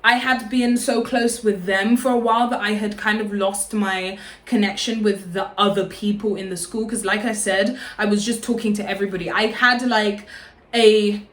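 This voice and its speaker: A young woman tells a storytime in a loud, chatty, profane way. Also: medium pitch, fairly even intonation, normal speed, reverberant. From London. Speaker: vlogger. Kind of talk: casual storytime.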